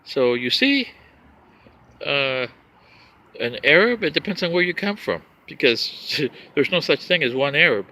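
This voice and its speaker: Man for a rambling vlog rant, lecturing tone, raised pitch, very lively delivery. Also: unhurried. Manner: lecturing, animated, with scoffing asides. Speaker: vlogger. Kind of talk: rambling monologue addressing humans as an outsider.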